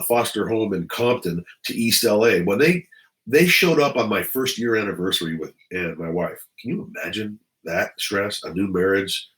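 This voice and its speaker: A man's voice: deep voice, a bit bright, low-quality recording. A middle-aged man, a retired police officer, telling stories in a blunt, profane, rambling monologue.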